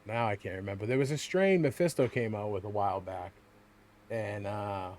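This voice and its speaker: Rambling, low-voiced podcast guy. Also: normal speed, a little mellow. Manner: rambling, profane, frequent stammered restarts. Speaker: podcast co-host. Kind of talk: casual chat.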